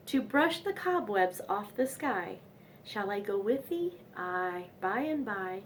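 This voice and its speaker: A woman's voice: on the high side, animated, unhurried, a little hiss or hum. A young woman reading nursery rhymes aloud in a sing-song manner, with chatty asides between poems.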